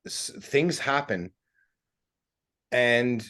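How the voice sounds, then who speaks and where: Man, average pitch, investigator, storytelling, stumbles and restarts. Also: drawn-out words. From Canada. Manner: animated storyteller, stumbling over words. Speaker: paranormal investigator. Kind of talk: casual conversational interview.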